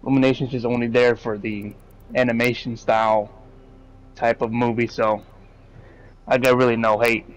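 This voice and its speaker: A man's voice: mid-range voice, normal speed, pauses often, rough recording. Rambling, swearing young-sounding male host. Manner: rambling, swears freely, animated opinions. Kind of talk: casual movie review chat.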